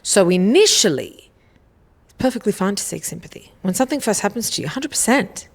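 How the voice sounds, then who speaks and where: A woman's voice: mid-range voice, lively intonation, brisk, gravelly, slightly rough. A woman hosting a solo self-help podcast, casual and blunt, swearing freely and often checking in with "okay?". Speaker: podcast host.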